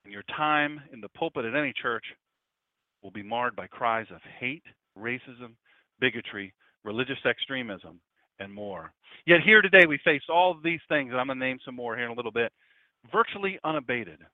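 A man preaching an impassioned broadcast sermon, swinging between loud declarations and hushed asides. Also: medium pitch, animated, normal speed, dry recording. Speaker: pastor. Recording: dry, phone-like lo-fi sound.

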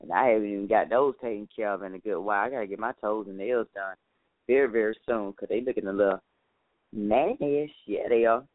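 A man's voice: fairly low pitch, a little fast, dry recording. A man hosting his own talk show in a casual, folksy monologue, chatting to listeners and calling them honey, a little tired. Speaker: show host. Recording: tinny phone-like line, dry.

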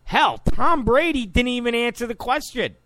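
A man's voice: very high-pitched, lively intonation, normal speed, fairly bright tone, a little hiss or hum. A man giving opinionated political talk commentary, combative and sarcastic toward his opponents. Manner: combative, mocks opponents in quoted voices.

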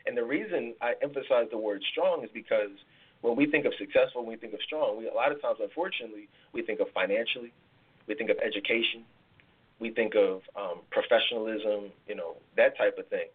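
Husky-voiced man giving relationship advice. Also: mid-range voice. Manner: emphatic, repeats words, explains with analogies. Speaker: podcast host and life coach. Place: live podcast taping. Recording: tinny phone-like sound.

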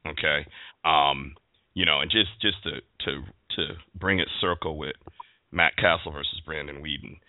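A man's voice: very deep voice, normal speed, no room sound. A man hosting a sports talk show, ranting emphatically about football. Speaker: show host. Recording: dry phone-like line.

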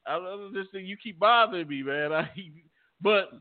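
A man's voice: high voice, moderate pace. A middle-aged man in casual chat, stammering and laughing as he tells stories. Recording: tinny phone-like audio.

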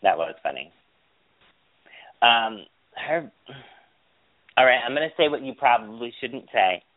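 A man dishes blunt, gossipy opinions in casual podcast chat, swearing as he goes. His voice sits at a middling pitch and comes through a thin, phone-like line. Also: very animated, a little slow. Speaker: podcast co-host.

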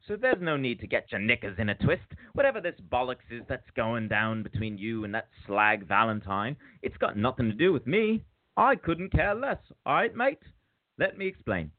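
A man's voice: sits high, no room sound, voice pushed up. A man voicing a tough male Cockney ex-convict telling a menacing prison story in a put-on Cockney accent. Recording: tinny phone-like dry sound.

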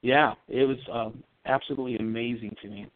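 A man's voice: medium pitch, steady tone, fairly quick, no echo. Rambling man on a tinny phone line. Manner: rambling, earnest storyteller. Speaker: psychic medium guest. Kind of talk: casual storytelling on a call-in show.

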